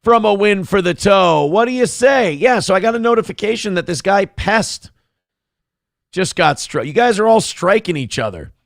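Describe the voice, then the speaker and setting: A male live-show host rants with a gravelly edge, his pitch swinging widely. He is sarcastic and foul-mouthed and reads chat messages aloud. The sound is dry and close, with no room around it. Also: lively intonation, normal speed, no room sound. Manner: profane, ranting, sarcastic. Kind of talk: live-stream rant reading chat.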